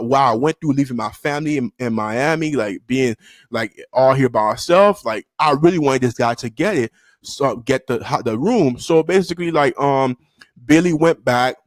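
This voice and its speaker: A young man telling a story to camera in a loose, slangy way, full of fillers and restarts, and breaking into high-pitched yelps when he acts out quotes. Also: dry recording. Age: young adult. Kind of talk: casual storytime.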